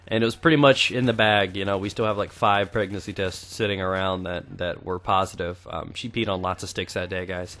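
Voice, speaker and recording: A man's voice: on the low side, a bit bright. A young man in his twenties talking casually over gameplay, chatty and crude, swearing freely. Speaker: gaming YouTuber.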